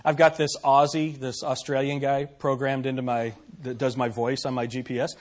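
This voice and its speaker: A man's voice: mid-range voice, animated, fairly quick, few pauses. A man preaching a sermon to his congregation, asking rhetorical questions and stressing his points. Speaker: pastor.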